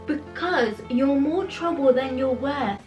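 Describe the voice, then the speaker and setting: A young woman chatting in a casual reading vlog, animated and outspoken, swearing freely as she reacts to a book. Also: sits high, slow pace, muffled recording, loud music behind the voice. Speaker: book vlogger. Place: home, indoors.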